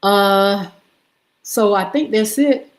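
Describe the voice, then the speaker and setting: A woman hosting a live morning stream, slowly reading out and greeting viewers by name, sounding out names as she goes. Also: medium pitch, low-quality recording. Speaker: host. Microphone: streaming setup.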